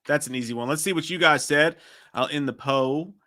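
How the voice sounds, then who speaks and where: A man's voice: on the high side, a little fast. A man co-hosting a live movie stream, swearing freely and laughing often. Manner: profane, laughs often, animated. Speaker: podcast co-host.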